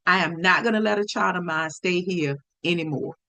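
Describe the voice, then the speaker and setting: A woman voicing her fuming, protective father as he scolds loudly. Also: lowish voice, moderate pace. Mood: angry. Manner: loud scolding.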